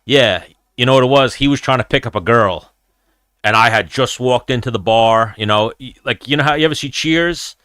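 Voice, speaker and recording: Bright-voiced man telling fight stories. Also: mid-range voice, normal speed, clean tone, no echo, studio quality. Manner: animated, profane storytelling. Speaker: live-stream host and former fighter. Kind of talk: casual live-stream fight chat.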